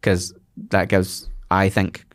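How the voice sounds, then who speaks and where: Scottish male comedian guest, lower voice, rambling anecdotal chatter. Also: monotone. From Scotland. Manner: rambling storyteller with quick restarts. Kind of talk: casual anecdotal chat.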